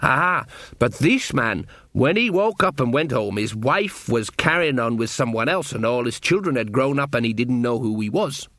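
A man's voice: mid-range voice, animated, moderate pace, fairly bright tone, dry recording, clean studio sound. A man voicing an easygoing, talkative village drinker telling old stories. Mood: storytelling. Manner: easygoing, chatty.

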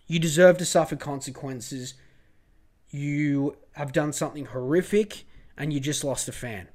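A man hosting a podcast, ranting heatedly and swearing freely in a casual monologue. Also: fairly high pitch. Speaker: podcast host.

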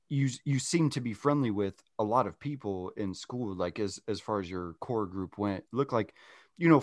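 Man in his 30s, podcast host, lowish voice, rambling and sweary, dry close mic. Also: dry recording. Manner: rambling, swears casually, repeats words. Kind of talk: casual podcast conversation.

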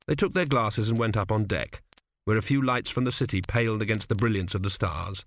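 A man narrating a comic fantasy audiobook in a wry, expressive storytelling manner. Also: on the low side, a little fast, no room sound. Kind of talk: scripted narration.

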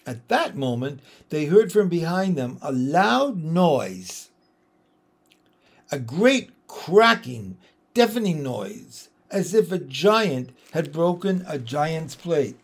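A man reading a children's storybook aloud, slow and expressive. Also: a little high. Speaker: audiobook reader. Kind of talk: storybook narration.

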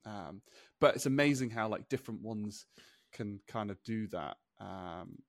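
A man's voice: lowish voice, expressive, unhurried, dry recording, studio quality. A man, co-hosting a casual podcast chat, talking loosely and laughing often while he reads things out. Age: 30s. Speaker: podcast co-host.

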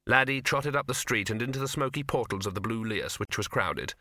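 Bright dry-voiced male narrator. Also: mid-range voice, brisk, dry recording. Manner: dry comic storytelling. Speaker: audiobook narrator. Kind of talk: scripted narration.

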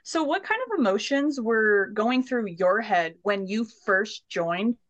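A woman hosting a podcast interview, asking her questions with deliberate pacing. Her voice sits at a middle pitch. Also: lively intonation. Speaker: podcast host.

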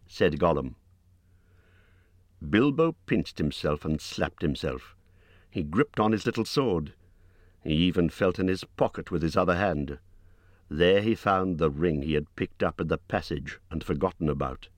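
Deep-voiced male audiobook narrator. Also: a little slow, no room sound, studio quality. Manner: expressive reading, rising high for character lines. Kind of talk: scripted narration.

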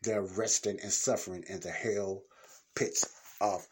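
A man's voice: low voice, fairly even intonation, a little slow, darkish tone, slight background noise. A man hosting his own podcast, giving a blunt, plain-spoken Christian teaching in a casual talk. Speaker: podcast host.

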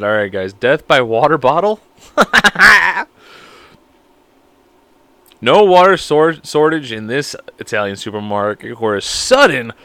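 A man's voice: mid-range voice, no room sound. Man, thirties, solo podcast host, swearing and laughing, dry close mic. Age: 30s. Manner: laughing, profane, animated commentary. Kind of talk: solo podcast, reading aloud and riffing.

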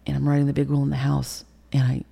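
Brief: middle-aged woman guest, gravelly and dark-toned, emotional halting recollection. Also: rumbling low, completely flat delivery. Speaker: interview guest. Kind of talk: candid personal storytelling.

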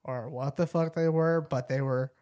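A man's voice: mid-range voice, steady tone, normal speed, dark tone. A man co-hosting a podcast, chatting in a laid-back, rambling way that is full of dude and bro. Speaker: podcast co-host. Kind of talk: casual chat.

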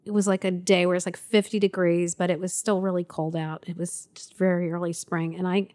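A woman's voice: lowish voice, little pitch movement, a little fast, a little mellow. A woman, the host's mother, telling a family story in conversation with many fillers and restarts.

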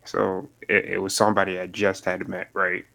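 Lower-voiced young man telling a story. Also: moderate pace, gravelly. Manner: animated storyteller, acts out exchanges. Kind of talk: casual storytelling chat.

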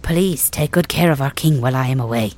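A woman's voice: rumbling low, a little fast, darkish tone. A woman voicing a kindly, fussy old male village healer in an ASMR role-play, polite and urgent as he tends his king. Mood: fussing.

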